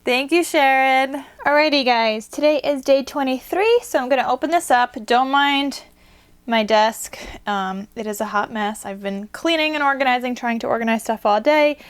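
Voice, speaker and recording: A woman's voice: high voice, normal speed, clear, resonant tone. A young woman vlogger chatting casually and gushing while unboxing craft gifts at her desk at home, a little out of breath. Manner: chatty, gushing, many fillers.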